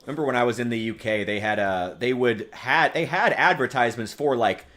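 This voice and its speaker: An American man streams a game and chats casually, rambling and swearing with a wry edge. His mid-range voice is a bit bright and a little fast.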